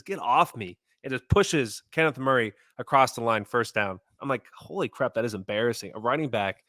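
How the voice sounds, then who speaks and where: A man's voice: medium pitch, sharp tone, no echo. A man co-hosting a sports podcast, bluntly complaining about players and referees in casual chat. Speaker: podcast co-host.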